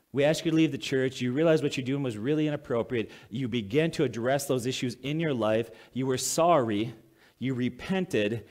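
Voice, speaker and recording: The speaker is a male pastor whose voice is a little high and darkish in tone. His conversational sermon moves from reading scripture aloud to plain explanation and questions for the congregation.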